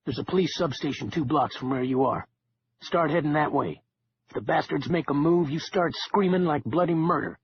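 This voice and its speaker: A man voicing a gruff, loyal older male friend who talks bluntly and coarsely. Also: fairly high pitch, normal speed, natural voice. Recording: dull lo-fi with faint hiss.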